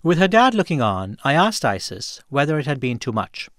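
A man hosting a radio feature, narrating a guest's story in a measured way and asking her questions. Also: mid-range voice, very animated, a bit bright. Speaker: radio show host and interviewer. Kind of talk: scripted narration with interview questions.

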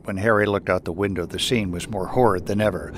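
A man reading a children's story aloud in an animated, theatrical way. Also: sits low, quick pace, noisy background. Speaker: story reader.

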